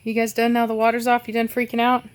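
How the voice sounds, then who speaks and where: A woman's voice: fairly high pitch, completely flat delivery, quick pace, no echo. A woman dog breeder chatting casually while doing outdoor chores, often cooing baby talk to her dogs.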